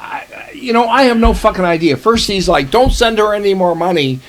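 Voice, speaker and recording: A middle-aged man co-hosting a casual podcast, talking in a rambling, profanity-laced way. His voice sits a little high for a man. His pitch swings widely as he tells the story. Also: expressive, a little fast. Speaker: podcast co-host. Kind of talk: casual chat.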